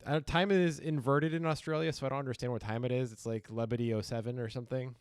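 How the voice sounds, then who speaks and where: A man's voice: mid-range voice, steady tone, fast talker, clear, resonant tone, dry recording. A man commentating a poker stream, mixing dry, wry humor with analysis of the hands. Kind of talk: casual live-stream commentary.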